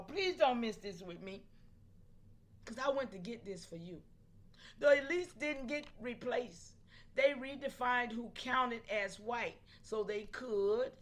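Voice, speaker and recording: Woman, live-stream host, high voice, animated, keeps calling out to her chat. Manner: animated, calls out to viewers, laughs often.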